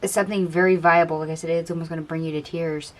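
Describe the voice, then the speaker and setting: A woman giving a casual tarot card reading, chatty and dreamy, musing aloud over the cards in a gentle, encouraging way. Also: low voice, fairly even intonation, fast talker. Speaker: tarot reader.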